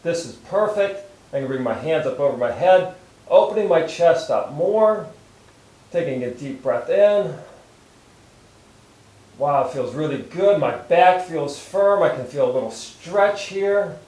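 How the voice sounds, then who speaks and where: A chiropractor calmly talking through posture stretches step by step while he demonstrates them. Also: on the high side, a little slow, echoey room, low-quality recording. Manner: calm, steady step-by-step instruction while moving. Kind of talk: instructional exercise demonstration.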